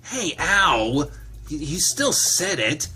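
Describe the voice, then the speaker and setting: A man's voice: on the high side, big pitch swings, slow pace, bright, forceful tone, husky, soft background music, pitched above the performer's own voice, full character voice. A man voicing a prissy, cheerful lynx man. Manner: prissy scolding, mock-dignified. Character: prim, cheerful adult male lynx.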